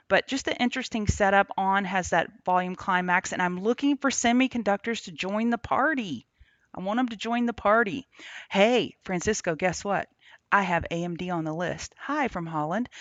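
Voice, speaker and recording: A woman of medium pitch and moderate pace delivers casual livestream market commentary, greeting viewers by name as she goes over charts. She's broadcasting remotely while on the road. The lo-fi audio is dull and dry, with no room sound.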